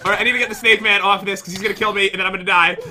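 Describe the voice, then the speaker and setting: A young man co-hosting casual game commentary, excitable and quick to laugh or yelp when things go wrong. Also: high-pitched. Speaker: gaming channel co-host.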